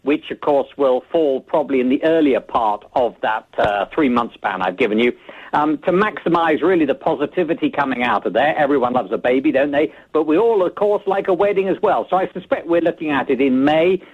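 A male correspondent calling in over the phone, giving measured, thoughtful analysis with many hesitations. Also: fairly high pitch, expressive, slightly rough. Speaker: foreign correspondent. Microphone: phone line. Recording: tinny phone line.

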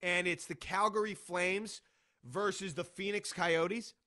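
A man from Boston talks sports on the radio in a high, bright voice. He rambles through his points, circling back with quick asides and restarts. This is loose sports talk. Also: fairly even intonation.

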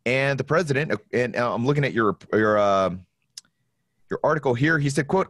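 A man's voice: brisk, dry recording, studio quality. A man in his forties hosting a casual podcast, telling stories and acting out the people he quotes. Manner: animated storyteller, acts out quotes in high voices. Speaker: podcast host.

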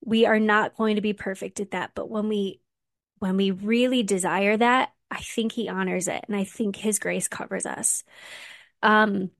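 Earnest woman podcast host, mid-pitched, dry close recording, heartfelt chat. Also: fairly even intonation, normal speed, no echo. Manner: earnest and heartfelt, getting emotional. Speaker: mom. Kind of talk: casual faith podcast talk.

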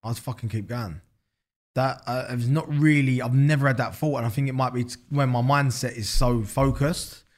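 A man's voice: mid-range voice, moderate pace. Slangy London man in casual chat. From England. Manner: loose, slangy, full of fillers and swearing. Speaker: guest, business founder.

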